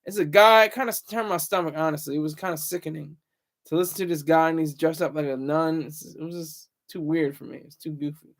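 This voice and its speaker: A man in his thirties hosts a casual livestream with a fairly high voice. He rambles from thought to thought, stopping to read out and answer viewer comments. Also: fairly even intonation, a little fast. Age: 30s. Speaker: livestream host.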